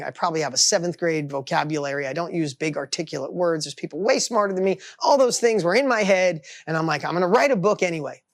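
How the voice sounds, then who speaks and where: Fifties male entrepreneur, energetic, punchy delivery, dry close-mic recording. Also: a little high, no room sound. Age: 50s. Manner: energetic, talks in bursts, acts out voices in his stories. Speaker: author and entrepreneur. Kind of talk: animated storytelling.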